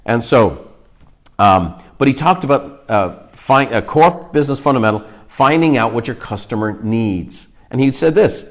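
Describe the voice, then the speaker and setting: A man's voice: medium pitch, lively intonation, moderate pace. Emphatic man giving a motivational talk. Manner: emphatic, punctuating points with "okay?". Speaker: company leader giving a book talk.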